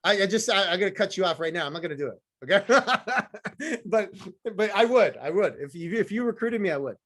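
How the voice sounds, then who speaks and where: A man with a notably high-pitched voice delivers a live motivational talk to a sales team. He is blunt and profane, teases his listeners, and hammers his points home in short, repeated phrases. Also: animated, a little fast, fairly bright tone. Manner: blunt, profane, fired-up, teasing the audience; repetitive punchy phrasing. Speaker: motivational speaker.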